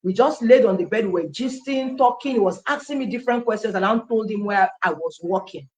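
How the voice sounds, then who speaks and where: A Nigerian woman telling her personal story in an animated testimony style, acting out dialogue and slipping into Pidgin phrases. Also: mid-range voice, brisk, low-quality recording.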